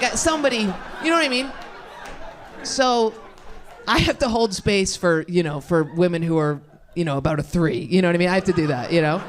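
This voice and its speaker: A woman's voice: mid-range voice, noisy background. A young woman performing a stand-up comedy set, rambling and self-deprecating, chatting with the crowd between bits.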